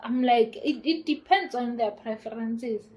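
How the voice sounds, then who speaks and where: A woman's voice: a little high, measured pace, poor audio. A South African woman in her twenties, telling her pregnancy story casually to camera, acting out the conversations she retells. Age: 20s. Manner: animated retelling with quoted dialogue and laughter. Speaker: YouTuber.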